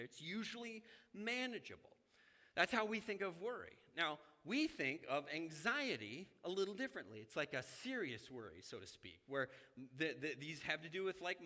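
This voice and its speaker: Male preacher, fairly high bright voice, lively sermon delivery, church hall echo. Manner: conversational, animated, addresses congregation directly. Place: church sanctuary.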